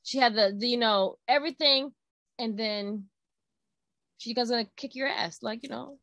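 Chatty woman with higher voice. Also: normal speed, a bit bright, no echo. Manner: chatty, full of "like" fillers, confused and emphatic. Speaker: wrestling show co-host. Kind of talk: casual chat.

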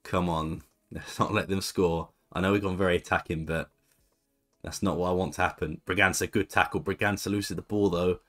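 A man's voice: deep voice, steady tone, normal speed, a bit bright, soft background music. A young man chatting casually as he comments on his own football management game, reacting to each move as it plays. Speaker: gaming YouTuber.

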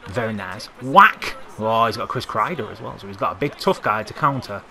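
A young man commentating live on his own gameplay, excitable, swearing and yelling at the game. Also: fairly low pitch, quick pace, creaky. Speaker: gaming commentator.

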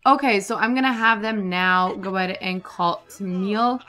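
A woman giving casual, chatty commentary over a life-simulation game, excitable and prone to repeating herself. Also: medium pitch, normal speed, few pauses. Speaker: gaming YouTuber. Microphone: desktop USB microphone.

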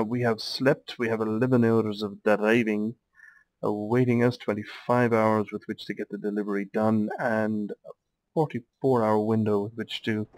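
A man's voice: lowish voice, darkish tone, slight background noise, rough recording. A man, hosting a let's play with chatty, wry asides while he drives. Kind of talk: casual gameplay commentary.

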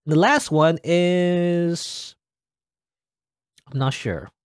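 A man's voice: a little high, very slow, clear, resonant tone, no echo, clean studio sound. A man giving casual, musing commentary while playing a game, unsure and joking. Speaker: let's play gamer.

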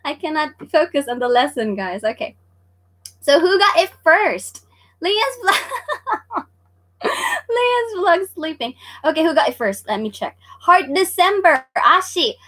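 Bubbly high-voiced woman teacher. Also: sing-song, normal speed, fairly bright tone. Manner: bubbly, laughs often, greets chat viewers by name. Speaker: online Japanese teacher. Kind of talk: livestream lesson, chatty quiz hosting.

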